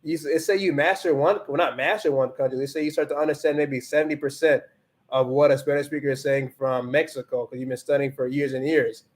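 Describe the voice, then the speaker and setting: A man hosts a casual livestream, chatting loosely with many restarts and laughing often as he reads the chat, switching between English and Spanish. His voice is on the high side, steady in tone and quick in pace.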